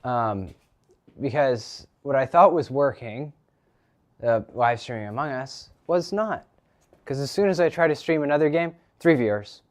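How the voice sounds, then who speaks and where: Teen male streamer, mid pitch, loose rambling chat full of fillers. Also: animated, measured pace. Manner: rambling, lots of ums and restarts. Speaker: livestreamer. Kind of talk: casual live stream chat. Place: home garage.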